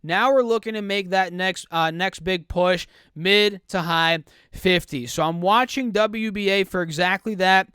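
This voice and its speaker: A man's voice: sits high, pushed and bright, clean tone, dry recording, studio quality. A young man giving casual stock market commentary, recovering from an illness and a little choked on his words. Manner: quick, chatty, self-correcting.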